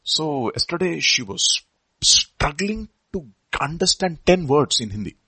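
A man's voice: on the high side, sing-song, unhurried, pushed and bright, slightly rough, no echo, rough recording. A man with an Indian English accent preaching a sermon as a pastor, emphatic and full of rhetorical questions.

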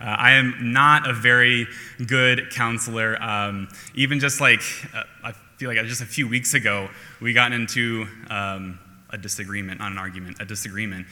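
Bright-voiced preacher in a reverberant hall. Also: male voice, fairly low pitch, steady tone, moderate pace. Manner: self-deprecating, conversational with many fillers. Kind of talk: sermon. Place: church sanctuary.

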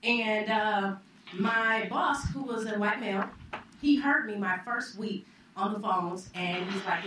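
A woman telling a personal story live at a story slam, conversational and reflective, pausing and restarting as she goes. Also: medium pitch, fairly bright tone. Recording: echoey hall, distant mic, faint noise.

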